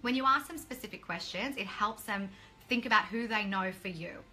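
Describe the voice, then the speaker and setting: A woman's voice: medium pitch, normal speed, pushed and bright. A woman business coach giving a blunt, casual motivational talk, swearing freely and acting out what people say.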